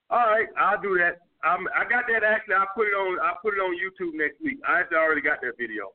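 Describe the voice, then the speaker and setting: Talking fast with hardly a pause, this high-voiced New Yorker works as a dating coach, firing off blunt, foul-mouthed advice in street slang as he responds to viewer questions. His audio is thin and phone-like.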